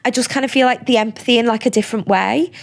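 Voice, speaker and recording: Young woman chatting on a podcast, lively, rambly, lots of likes. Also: on the high side, gravelly. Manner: chatty, animated, quick asides with many fillers. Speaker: podcast guest. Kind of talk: casual conversational interview.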